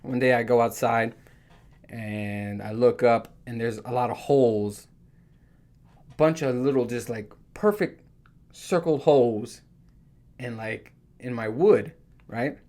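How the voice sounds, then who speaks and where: A man's voice: medium pitch, takes it slowly, pauses often, a little mellow. A man from New Jersey telling rambling, profane stories in a casual vlog, full of fillers like "you know" and "right?". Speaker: vlogger.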